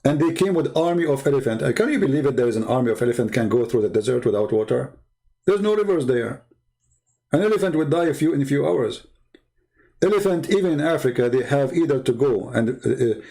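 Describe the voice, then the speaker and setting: A man's voice: mid-range voice, lively intonation, brisk, creaky, dark tone. A man hosting a show, talking in a mocking, sarcastic monologue full of heated rhetorical questions. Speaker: show host. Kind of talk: monologue commentary.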